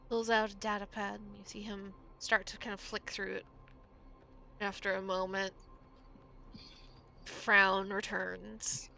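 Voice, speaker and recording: Slow, gravelly woman game master. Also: mid-range voice, bright, forceful tone, rough recording. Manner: slow, deliberate scene-setting. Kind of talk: narrating a tabletop game.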